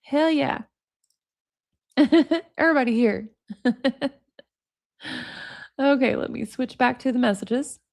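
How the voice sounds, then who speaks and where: Chatty, higher-voiced woman in her forties. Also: takes it slowly, vocal fry, pauses often, a little mellow. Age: 40s. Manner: reads chat comments and text messages aloud, laughs often, chatty asides. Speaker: livestream commentator. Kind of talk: casual livestream commentary.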